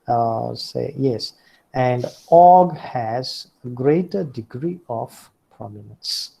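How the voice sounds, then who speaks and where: A man with an Indian English accent teaches a recorded lecture in a slow, deliberate way, often pausing on fillers and correcting himself. His voice is dark and husky, with a gravelly fry at the edges. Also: mid-range voice, rough recording.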